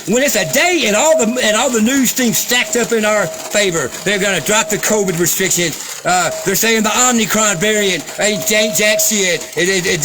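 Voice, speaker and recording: A man's voice: high-pitched, noisy background. A man delivering an angry, profane, sarcastic rant as a vlogger. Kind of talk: angry ranting commentary.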